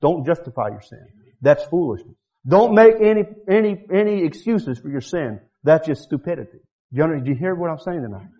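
A man preaching a revival sermon in church, swinging from quiet pleading to shouted, drawn-out climaxes. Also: on the high side, expressive, lo-fi sound.

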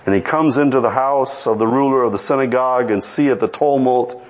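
Speaking briskly in a medium-pitched voice on a rough recording, a man delivers a dramatic sermon. He quotes King James scripture, performs the voices of the story's characters, and builds to near-shouts.

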